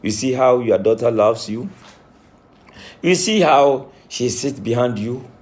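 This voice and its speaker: A man's voice: medium pitch, a little slow, darkish tone. A man speaking as a spiritualist in an impassioned monologue to camera, emphatic and repetitive as he scolds. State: says he is crying. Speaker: self-styled spiritualist.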